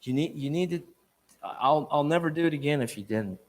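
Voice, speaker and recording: Animated man preaching to a church. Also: on the high side, a little fast. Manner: animated, repeats and restarts, asks the room questions. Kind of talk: church evening talk.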